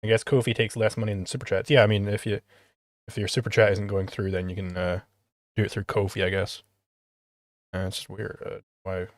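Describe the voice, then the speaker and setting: A man with a somewhat low voice chats on a livestream, halting often and filling pauses with ums. The sound is dry and close, with no room around it. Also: level tone, no room sound. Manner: halting, many fillers. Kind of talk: casual livestream chat.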